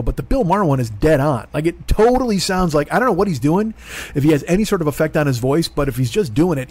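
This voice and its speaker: A man in his forties riffs alone in a comedy monologue, his voice sitting a touch higher than most men's. He rambles, swears freely and works himself into exasperated rants. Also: darkish tone. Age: 40s. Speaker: comedian host.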